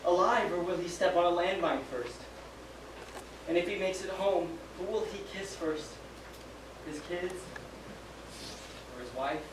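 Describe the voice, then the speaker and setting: An actor playing a young private haunted by sparing an enemy prisoner, in a dramatic stage monologue, halting and hushed, breaking into frantic shouting. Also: mid-range voice, natural voice. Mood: quiet, grieving. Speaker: soldier recounting a war memory. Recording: echoey room from far off, with background noise.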